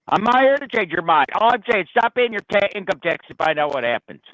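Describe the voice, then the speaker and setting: A man's voice: high-pitched, very animated, fairly quick, fairly bright tone, dry recording. A man in his fifties in a casual argument, blunt and sarcastic, with a dull lo-fi recording. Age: 50s. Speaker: co-host. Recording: dull lo-fi sound.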